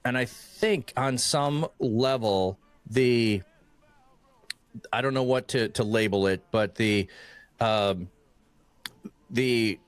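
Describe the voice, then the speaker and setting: A man from Michigan hosting a casual podcast conversation, animated and acting out quoted voices as he talks, often restarting phrases. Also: mid-range voice, takes it slowly, pauses often, clean tone, no room sound. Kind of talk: casual chat.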